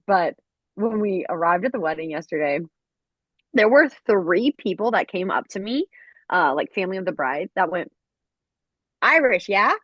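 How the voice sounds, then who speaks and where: Brief: chatty American woman podcast co-host, lively pitch swings, dry close sound. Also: normal speed, dry recording, lo-fi sound. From United States. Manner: chatty, laughing storyteller with many fillers. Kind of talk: casual chat. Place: travelling abroad, speaking remotely.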